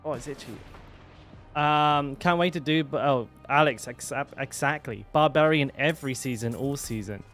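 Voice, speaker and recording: A man's voice: mid-range voice, normal speed, fairly bright tone, faint music behind. A young man chatting casually while streaming a game, rambling with lots of fillers and restarts. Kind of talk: casual live-stream chat.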